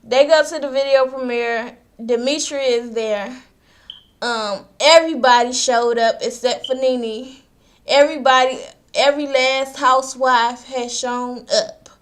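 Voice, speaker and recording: A woman's voice: high-pitched, fairly even intonation, unhurried. A woman vlogger giving a casual, gossipy recap, chatting straight to her viewers with asides. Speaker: vlogger recapping a reality show.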